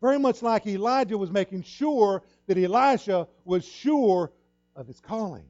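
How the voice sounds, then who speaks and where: A man's voice: high-pitched, lively intonation, normal speed, darkish tone, no echo, dull audio. A middle-aged male pastor preaching a sermon, telling a personal story with earnest repetition and acting out the voices in it. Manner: earnest storytelling, repeats himself, acts out quoted dialogue.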